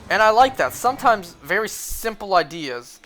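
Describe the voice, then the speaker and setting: A man's voice: high-pitched, sing-song, moderate pace, bright, forceful tone, soft background music. A man streaming a shiny hunt, chatting casually to his viewers in a rambling way full of "like"s. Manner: rambling, filler-heavy talk with many "like"s. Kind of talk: casual livestream chat while shiny hunting.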